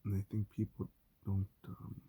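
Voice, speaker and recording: A man telling stories in a casual, rambling monologue, cursing often and getting animated. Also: lowish voice, normal speed, vocal fry, a little hiss or hum. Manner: profane, animated storytelling. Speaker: vlogger.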